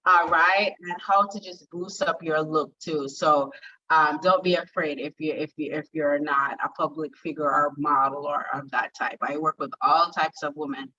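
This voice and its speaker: A woman from Jamaica, a confidence coach and plus-size model, telling stories in a chatty, animated way during an interview. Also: sits low, moderate pace. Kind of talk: casual interview chat. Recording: distant, muffled video call audio.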